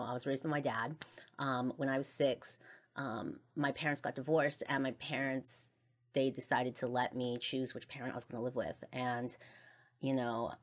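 A woman hosting a podcast, telling a personal story in a blunt, casual way, full of swearing and fillers. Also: very deep voice. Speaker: podcast host.

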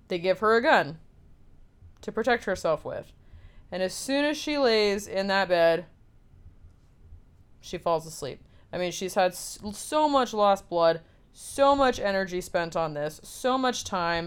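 A woman's voice: on the low side, smooth. A young woman casually recapping a horror film's plot, talking loosely with lots of fillers and the odd swear word. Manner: casual, filler-heavy storytelling with frequent "like" and swearing. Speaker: film recapper.

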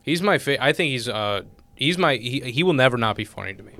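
A man's voice: medium pitch, expressive, fairly quick, bright, forceful tone. A man in casual, comedic podcast chat who rambles, restarts sentences and tells jokey stories. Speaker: podcast guest, future co-host.

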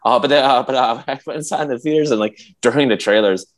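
Telling a story on a casual podcast he co-hosts, this man rambles and restarts many times, performing quotes and sound effects along the way. He speaks fast at a medium pitch.

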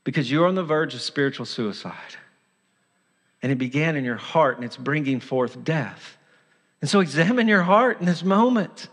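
A man's voice: on the high side, expressive, normal speed, a bit bright. A man preaching a sermon as pastor, earnest and urgent, acting out the voice of sin in short quoted lines. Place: church sanctuary. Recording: long church hall reverb.

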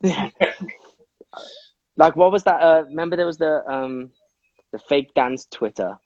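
A man who dances professionally, chatting on a podcast and telling animated stories through frequent laughter. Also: a little high, unhurried. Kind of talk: casual podcast chat. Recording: dull lo-fi sound.

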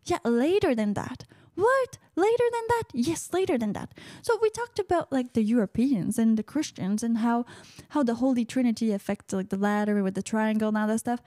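Chatty female radio host, high-pitched and playful, dry close mic. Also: animated, normal speed, dark tone, no echo. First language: French. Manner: playful, chatty, sprinkles "uh-huh" affirmations. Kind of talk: casual radio monologue.

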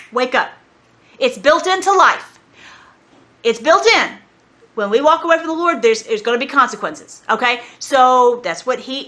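A woman's voice: sits high, sharp tone. A woman teaching from the Bible, mixing fervent prayer with chatty commentary. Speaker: Christian teacher.

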